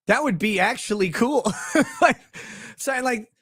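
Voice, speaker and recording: A man's voice: very high-pitched, lively intonation, measured pace, fairly bright tone, slightly rough, no echo, clean studio sound. A young man from Minnesota hosting a livestream, rambling and crude as he jokes and reads out viewer messages. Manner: rambling, crude and joking, with frequent fillers. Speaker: livestream host. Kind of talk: casual livestream chat reading super chats.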